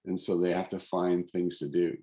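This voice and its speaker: Very deep-voiced man, echoey room. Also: monotone, warm tone. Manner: halting, many restarts, thoughtful. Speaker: interviewer. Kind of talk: casual conversation. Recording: roomy echo.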